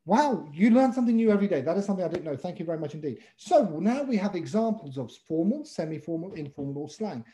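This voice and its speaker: A man with an English accent, a pitch coach teaching a webinar over a video call in a playful way, calling on participants by name. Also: sing-song, fast, hardly any pauses, warm tone. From England.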